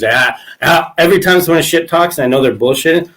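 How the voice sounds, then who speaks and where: A man hosting a podcast, telling crude stories in a casual chat, acting out quotes with big jumps in pitch. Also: brisk, few pauses. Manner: animated, acts out quotes with pitch jumps, laughs often. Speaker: podcast host.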